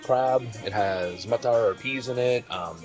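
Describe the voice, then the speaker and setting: A man's voice: mid-range voice, unhurried. A man hosting a food vlog, chatting casually and laughing often at a restaurant table. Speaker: food vlogger host. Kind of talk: casual food review chat. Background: background music.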